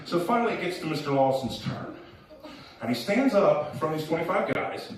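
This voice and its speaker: A man doing stand-up, telling a long story with loud, animated bursts when he acts out the people in it. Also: fairly high pitch, normal speed. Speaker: stand-up comedian. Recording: echoey room, heard from a distance.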